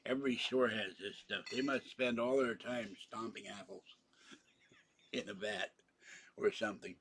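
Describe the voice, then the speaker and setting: A man's voice: fairly low pitch, steady tone, unhurried, fairly bright tone, a little hiss or hum. A tired man hosting a casual livestream, rambling from one topic to the next with many fillers and yawns. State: tired, yawning. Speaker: livestream host.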